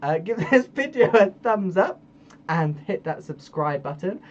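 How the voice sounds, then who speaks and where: Giggly animated man, lively pitch. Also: unhurried, dull audio. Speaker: gaming channel host. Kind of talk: casual chat while playing a game.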